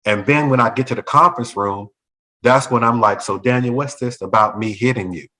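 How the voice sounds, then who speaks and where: Animated storytelling man. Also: mid-range voice, a little fast, rough recording. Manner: animated, acts out other people's voices in quotes. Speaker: former school principal. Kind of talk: storytelling in a talk show conversation.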